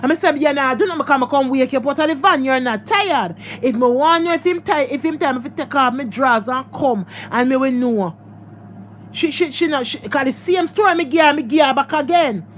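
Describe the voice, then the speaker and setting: High-voiced Jamaican woman telling her story. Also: fairly quick, a little hiss or hum. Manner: emotional, repetitive, addresses viewers as guys. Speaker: social media storyteller. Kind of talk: casual storytelling to followers.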